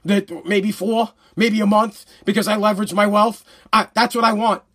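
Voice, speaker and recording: A man in his thirties from the United States hosting his own podcast, ranting in a heated, profane way, often shouting and stumbling over restarts. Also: high-pitched, fairly even intonation, moderate pace. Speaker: podcast host. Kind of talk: ranting live-stream podcast monologue.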